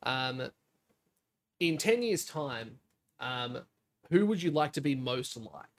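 A young man co-hosting a podcast, telling stories in a lively way, acting out quotes and swearing casually. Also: medium pitch, slow pace. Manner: animated storytelling, acts out quotes. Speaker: podcast co-host, streamer.

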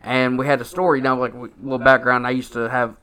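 This podcast co-host talks fast in a medium-pitched, level voice with a sharp edge. His story wanders all over the place in relaxed chat, thick with curse words and fillers like "like" and "you know."

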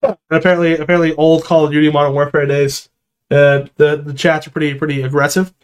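A man in casual chat, animated and rambling, swearing freely and dropping into funny voices while telling stories. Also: a little high, fast.

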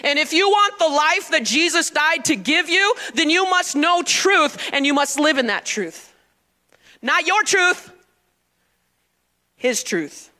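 High bright-voiced woman preaching. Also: lively intonation, slow. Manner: emphatic call-and-response preaching. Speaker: pastor. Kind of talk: sermon. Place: church sanctuary.

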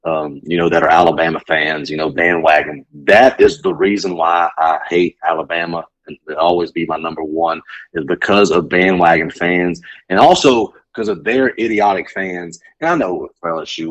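Lively man telling game stories. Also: low voice, rough recording. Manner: animated storyteller, acts out quotes, laughs often. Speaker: podcast co-host. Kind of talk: casual sports chat.

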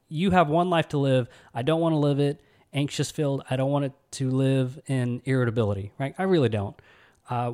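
A man's voice: mid-range voice, darkish tone. A man hosting a podcast, talking casually and conversationally with lots of "you know" and "right?" fillers. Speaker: podcast host. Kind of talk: casual advice talk.

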